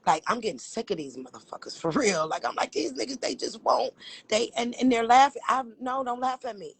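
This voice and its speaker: A woman's voice: on the high side, fairly quick, slightly rough, dry recording, poor audio. Emphatic, profane woman on a livestream. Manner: emphatic, profane, laughing often. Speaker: livestream co-host. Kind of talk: casual livestream talk.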